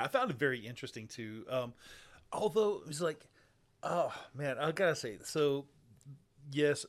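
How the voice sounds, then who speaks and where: A man chatting on a movie podcast at a middle pitch, rambling from thought to thought. He swears freely and breaks into laughs between points. The talk is loose and unscripted. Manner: rambling, profane, laughs often. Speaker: podcast co-host. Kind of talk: casual movie podcast chat.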